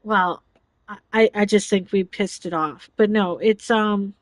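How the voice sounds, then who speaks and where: A woman's voice: mid-range voice, a little slow, no room sound, low-quality recording. A woman hosting a casual livestream chat, talking chattily, giggling often and reading chat messages aloud. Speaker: livestream host.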